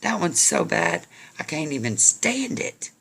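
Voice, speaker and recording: A woman's voice: a bass voice, sing-song, slow pace, a bit bright, slight background noise, full character voice. A woman voicing a fussy man sorting apples, indignant and emphatic.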